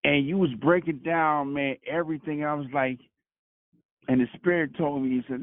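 A man's voice: a little high, fairly even intonation, normal speed, no room sound. A man from Brooklyn, calling in to share a testimony, full of stammered restarts and "you know what I'm saying". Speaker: caller. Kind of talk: casual testimony on a call. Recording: dry tinny phone line.

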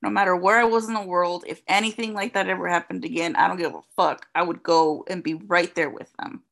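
A woman's voice: on the low side, steady tone, brisk, vocal fry, a bit bright. A young adult woman co-hosting a podcast, chatting casually and candidly, swearing freely and getting emotional. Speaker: podcast co-host. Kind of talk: casual chat.

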